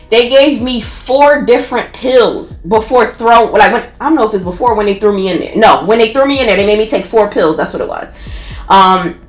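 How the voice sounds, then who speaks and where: A woman with a Philadelphia accent telling a personal story in a casual, animated, profane way. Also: a little high. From North Philadelphia. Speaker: podcast storyteller. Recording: roomy echo.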